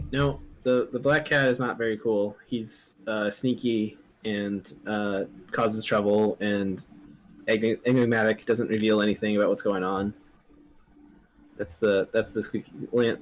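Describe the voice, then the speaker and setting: Relaxed man with lots of ums. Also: lowish voice, a little hiss or hum. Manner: relaxed, hesitant, many ums. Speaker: podcast co-host and game player. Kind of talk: casual board game playthrough chat.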